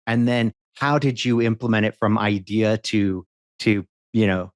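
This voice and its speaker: A man hosts a podcast interview, piecing his questions together with restarts and fillers. His voice sits somewhat low. The sound is dry and close, with no room echo. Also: steady tone. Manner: halting, restarts while asking. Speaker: podcast host.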